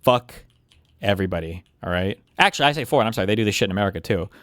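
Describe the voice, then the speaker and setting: A man reacting on a live stream, ranting in profane, animated asides. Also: on the low side, racing, dry recording, clean studio sound. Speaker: streamer reacting to a podcast clip.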